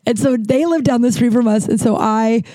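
A woman's voice: a little high, normal speed, dark tone, no room sound. A woman in her forties telling a personal story in a candid, profane, rambling way, with many restarts.

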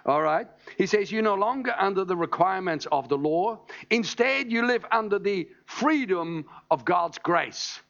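A man's voice: high-pitched, animated, normal speed, creaky, few pauses, fairly bright tone, lo-fi sound. A man preaching a sermon in an emphatic teaching manner, often checking in with the congregation. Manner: emphatic, teaching, asks "All right?" often.

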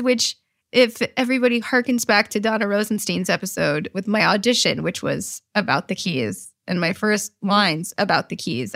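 A woman's voice: fairly low pitch, vocal fry. Chatty woman in her forties. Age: 40s. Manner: chatty, animated storytelling with laughs. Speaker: podcast guest, actress. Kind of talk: casual chat.

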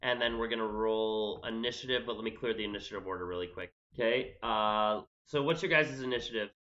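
A man's voice: fairly low pitch, fairly quick, sharp tone, highs cut off. A man narrating as game master of a tabletop game, casual and hesitant with many fillers.

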